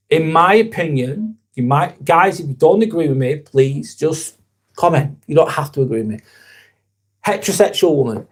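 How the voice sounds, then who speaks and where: Man, young adult, earnest rambling live-stream chat, slightly high voice. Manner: earnest, rambling, swears casually. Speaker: live vlog host.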